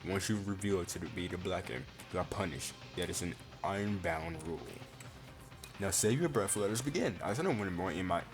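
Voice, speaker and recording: A man's voice: sits low, expressive, moderate pace, over music. A man reading a cruel, gleeful bear mascot from a fan game aloud in a taunting, sing-song voice. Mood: gloating.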